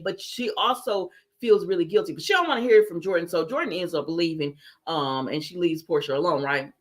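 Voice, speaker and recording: A woman's voice: fairly low pitch, expressive, brisk. A woman chatting casually on a livestream, retelling soap opera scenes and answering viewer comments. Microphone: livestream setup with computer microphone.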